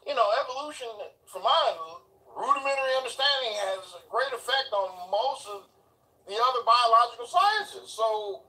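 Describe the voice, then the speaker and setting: A man's voice: very high-pitched, moderate pace, distant mic, poor audio. Profane ranting man streaming from his car. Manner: loud, profane, animated ranting with yelling bursts. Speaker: commentary streamer. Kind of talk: ranting live stream commentary. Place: driving in a vehicle. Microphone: phone in hand.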